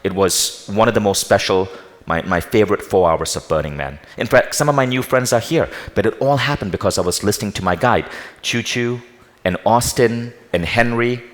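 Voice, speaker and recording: A man giving a storytelling talk on meditation to a live audience, animated and acting out dialogue. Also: on the low side, moderate pace. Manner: animated, acts out quoted dialogue. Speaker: speaker teaching meditation. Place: large hall with live audience. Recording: reverberant hall.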